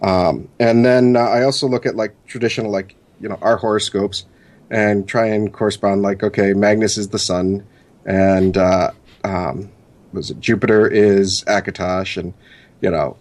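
Man, podcast co-host, lowish voice, rambling, lots of fillers. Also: fairly even intonation, moderate pace, darkish tone. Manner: rambling, many fillers when explaining. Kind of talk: casual podcast chat and reading lore notes.

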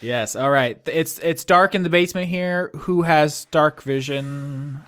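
A man's voice: fairly high pitch, unhurried, fairly bright tone. A man narrating as game master of a tabletop game, chatty and self-deprecating, laughing often.

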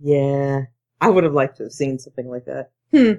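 A woman co-hosting a casual podcast, loud, playful and teasing. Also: very deep voice, lively intonation, normal speed. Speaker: podcast co-host.

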